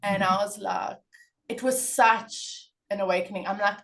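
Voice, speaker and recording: A woman's voice: mid-range voice, moderate pace. A middle-aged woman speaking in a conversational interview, telling stories with emphatic repetition. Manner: emphatic, animated storytelling with repetition. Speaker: parenting guest speaker.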